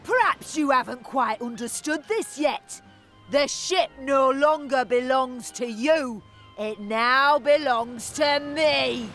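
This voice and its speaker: A surly orc bounty hunter. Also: female voice, high-pitched, takes it slowly, fairly bright tone, faint music behind, full character voice. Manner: curt, threatening.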